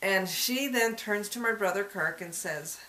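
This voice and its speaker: A woman's voice: mid-range voice, unhurried, pushed and bright. A woman telling a personal story in a folklore interview, chuckling often as she goes. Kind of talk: casual personal anecdote. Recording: echoey room.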